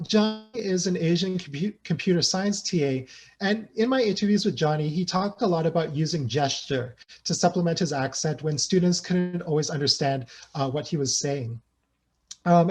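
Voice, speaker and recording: A man's voice: on the high side, moderate pace. Man lecturing with many "right?" tags. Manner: frequent "right?" and "you know" fillers, thinking aloud. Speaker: sociolinguistics researcher presenting a talk. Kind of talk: academic lecture.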